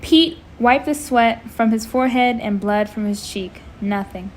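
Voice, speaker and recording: A woman reading a scary story aloud in a casual, expressive way, breaking off to chat. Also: a little high, measured pace, low-quality recording. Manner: chatty, expressive, breaks off to comment. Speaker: amateur audiobook reader. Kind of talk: casual read-aloud with commentary.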